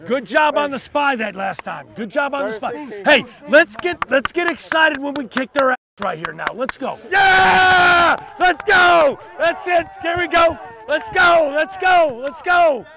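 A man's voice: very high voice, animated, normal speed, hardly any pauses, bright, forceful tone, some chatter behind. A man coaching football at an outdoor practice through a body mic, barking short commands and praise at his players. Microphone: body-worn mic.

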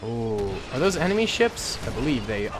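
A man giving casual, excitable, slangy commentary while playing a strategy game, talking to himself and his viewers. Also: mid-range voice, normal speed, background noise. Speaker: gaming commentator. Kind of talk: casual let's-play commentary.

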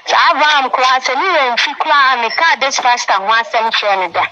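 A Ghanaian woman telling her own story in an interview, halting and repeating words, close to tears. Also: high-pitched, sharp tone, muffled recording, slight background noise.

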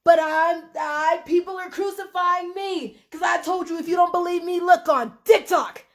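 A young woman ranting on a livestream, emotional and profane, swinging between shouting and laughter. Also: very high voice, moderate pace. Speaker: livestream host. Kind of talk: impassioned livestream rant.

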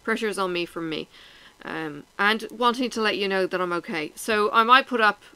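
A woman's voice: medium pitch, normal speed, bright, forceful tone, clear, resonant tone, no echo, rough recording. A woman, chatting frankly and bluntly to her viewers in a casual vlog, teary and sniffling. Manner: blunt, frank and self-mocking, with swearing and laughs. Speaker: vlogger.

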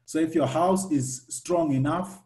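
A man, a civil engineer, explaining a lesson for children in a relaxed, casual way. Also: on the high side, measured pace.

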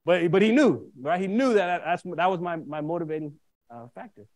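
A man preaching a sermon, telling a personal story in an animated way and often checking in with his listeners. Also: high-pitched, moderate pace. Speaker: minister.

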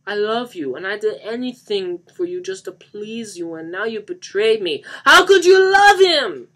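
A man's voice: sits high, animated, moderate pace, fairly bright tone, voice pushed up. A man voicing a betrayed, furious lover who wails and screams his anguish.

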